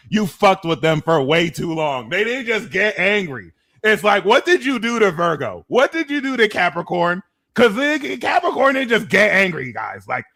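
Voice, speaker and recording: A man talks casually. His pitch is lively and rises high when he acts out other people. He swears easily and keeps a loose, conversational flow. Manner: animated, swears, acts out impressions. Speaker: astrology reader. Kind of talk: casual monologue.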